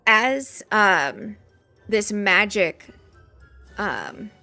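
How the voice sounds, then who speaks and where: A young woman narrates as game master in a tabletop role-play stream. She sets scenes in a loose, relaxed way with plenty of "likes" and "ums". Her pitch sits mid-range, and faint music plays underneath. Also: extremely slow. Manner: relaxed, with many fillers and hedges.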